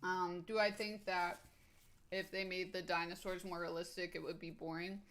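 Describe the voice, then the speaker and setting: A woman's voice: on the low side, flat delivery, normal speed, fairly bright tone. A woman streaming casually, answering viewers' comments in a rambling, enthusiastic way full of "like" and "um". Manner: rambling, filler-heavy with frequent "like" and "um"; enthusiastic, laughs easily.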